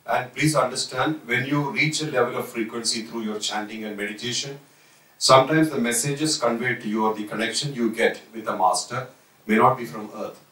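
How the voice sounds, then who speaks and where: A man giving a slow, reflective spiritual talk, pausing often and restarting his phrases. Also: medium pitch, pushed and bright. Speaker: spiritual teacher. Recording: roomy, voice from a distance.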